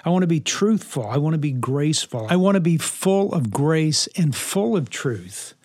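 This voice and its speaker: A man giving parenting advice in a reflective, earnest talk, unhurried and touched with dry humor. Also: a little high, animated, darkish tone, no echo. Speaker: parenting speaker.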